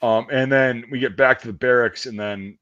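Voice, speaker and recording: A podcast host spins a long army tale at a moderate pace, his medium-pitched voice steady and slightly bright. He's rambling, profane, and self-deprecating, laughing at himself throughout. The lo-fi recording has no room sound.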